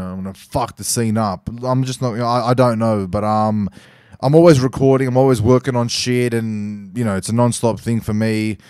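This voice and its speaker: A man's voice: mid-range voice, darkish tone, smooth, dry recording, studio quality. A young man hosting his own podcast, talking casually and off the cuff, swearing freely, with restarts and fillers as he rambles through listener questions. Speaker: podcast host. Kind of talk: casual solo podcast monologue.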